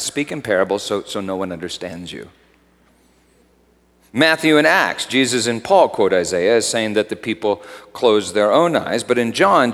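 Animated male preacher in a reverberant hall. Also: lowish voice. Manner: animated, swings from hushed to loud emphatic peaks. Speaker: pastor. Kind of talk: sermon.

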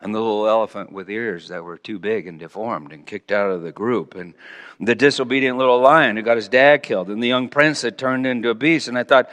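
A man in his sixties delivers a brisk, self-mocking sermon told as a story, sinking to a low murmur before climbing to loud exclamations. The recording has a long hall reverb.

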